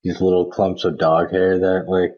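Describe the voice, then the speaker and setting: Chill podcast dude, real deep voice, swears casually, kinda muffled lo-fi sound. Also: male voice, completely flat delivery, normal speed, a little hiss or hum. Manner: laid-back, swears casually. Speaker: podcast co-host. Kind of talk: casual chat.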